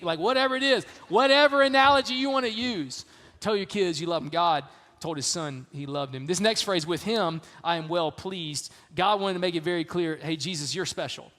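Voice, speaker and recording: A middle-aged pastor preaches a sermon in a church sanctuary, emphatic and repetitive, often saying "man." His voice sits high and a bit bright at a normal speed, and the recording has the reverberance of a church hall.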